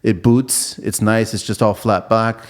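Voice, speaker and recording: A man's voice: fairly low pitch, steady tone, unhurried. A man hosting a podcast in a studio, chatting casually and joking around, swearing freely. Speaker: podcast host.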